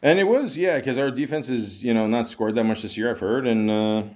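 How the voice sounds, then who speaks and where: A man's voice: medium pitch, a little fast, a little mellow. Man, middle-aged, from Canada, podcast host, rambling, profane, casual hockey chat, plenty of fillers.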